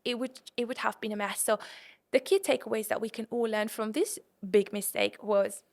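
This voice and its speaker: A young woman hosting a podcast, telling a travel story in an animated way and acting out her own panicked lines. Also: a little high, moderate pace, creaky. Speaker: podcast host.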